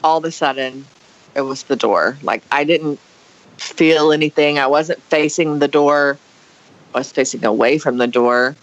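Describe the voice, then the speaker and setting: A woman guest on a podcast, telling a story casually with dramatic, animated flair and acted-out quotes. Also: extremely low pitch, normal speed, no echo. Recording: dull lo-fi podcast audio.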